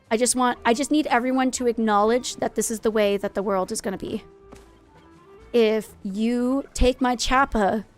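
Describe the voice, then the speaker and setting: A woman live-streaming a game in casual chat, greeting viewers and going off on playful, jokingly dramatic rants. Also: fairly high pitch.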